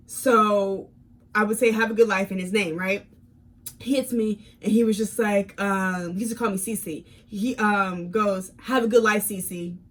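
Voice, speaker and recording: A woman in her twenties telling a casual storytime vlog, animated, with many fillers and repeated words, swinging from calm to heated. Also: medium pitch. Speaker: fitness vlogger.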